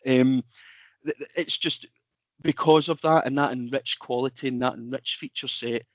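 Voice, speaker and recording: A man's voice: medium pitch, fairly even intonation, moderate pace, no room sound. A man presenting a product in a webinar from his home office, talking informally with lots of fillers. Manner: chatty, informal, filler-heavy.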